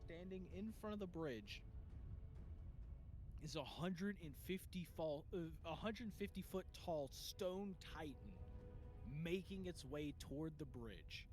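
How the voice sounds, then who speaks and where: A man's voice: a little high, lively intonation, measured pace, darkish tone, faint music behind. A man narrating as game master in a tabletop fantasy game, talking with fillers and restarts. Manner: hesitant, with many fillers and restarts.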